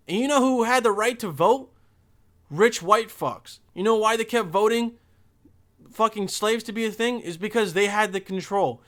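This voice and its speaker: A young man from Bosnia hosts a podcast, delivering a loose, rambling, profane monologue. His voice is high and a bit bright.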